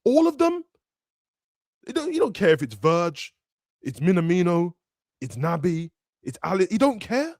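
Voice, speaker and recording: A young man talks football on a live podcast, slangy and animated, acting out players in raised voices. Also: high voice, normal speed, pauses often, no room sound, studio quality. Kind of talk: casual football chat.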